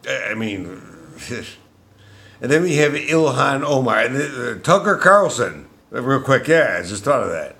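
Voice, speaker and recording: A man delivering an angry, profane political rant as a vlogger, shouting at times. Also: mid-range voice, big pitch swings, unhurried, creaky.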